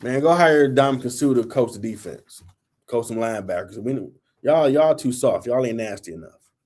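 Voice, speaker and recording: A middle-aged man hosting a sports talk show, blunt and fired up. He scolds teams and players in loose, slangy everyday talk, with a steady mid-range voice. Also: mid-range voice, normal speed. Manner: blunt, heated, colloquial, scolding. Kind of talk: opinionated sports rant.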